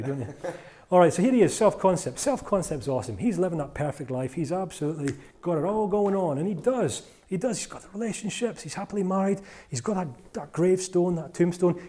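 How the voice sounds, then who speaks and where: Animated, lively-voiced male seminar speaker. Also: high-pitched. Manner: playful, animated, jokey with volunteers. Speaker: motivational speaker. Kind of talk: live seminar talk to an audience.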